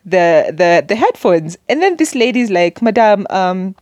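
A woman's voice: fairly low pitch, sing-song, measured pace, darkish tone, dry recording. A young woman vlogger chatting casually to her viewers, telling stories with lots of fillers and asides. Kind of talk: casual chat to camera.

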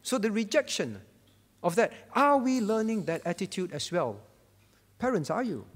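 A man's voice: high voice, very animated, normal speed, long reverb tail. A man preaching a sermon as pastor, emphatic, repeating his key phrases and putting questions to the congregation. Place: church.

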